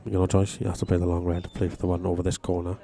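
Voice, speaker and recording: A man co-commentating on a pool match, calmly breaking down the shots and options. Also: low-pitched, rapid-fire, gravelly. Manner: calm, analytical about shots. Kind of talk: live sports commentary.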